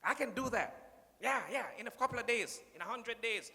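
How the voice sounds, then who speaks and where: A man's voice: very high voice, a little fast, gravelly, sharp tone, voice pushed up, heavily acted. A man mimicking a brash, boastful male politician during a speech. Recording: long reverb of a large hall.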